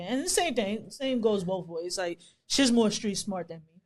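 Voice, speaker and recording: Laid-back Bermudian podcast co-host. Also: male voice, high-pitched, lively intonation, moderate pace. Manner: laid-back, swears freely. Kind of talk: casual podcast chat.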